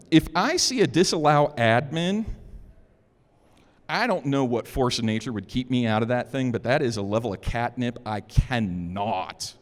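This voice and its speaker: A man speaks at a conference in a casual, joking way. His pitch swings widely as he talks. The sound has a long reverb, as if recorded in a big hall. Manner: animated, informal, joking. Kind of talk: security conference talk.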